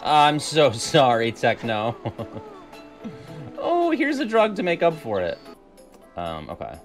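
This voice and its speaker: Animated, profane male game streamer. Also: mid-range voice, slow pace, faint music behind. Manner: animated, profane, laughs often, self-deprecating. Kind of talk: casual gameplay commentary.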